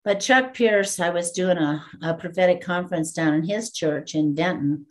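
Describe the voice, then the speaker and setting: A woman's voice: fairly low pitch, moderate pace. A woman from Texas, a guest minister telling her story in an interview and laughing often. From Texas, USA. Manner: lively storyteller who acts out the dialogue and laughs often.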